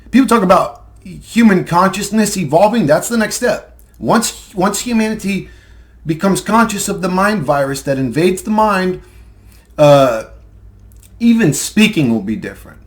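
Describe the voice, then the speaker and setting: Young man, high voice, rambling profane monologue, sarcastic and heated. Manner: heated, profane, sarcastic, laughs mid-sentence. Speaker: conspiracy video ranter.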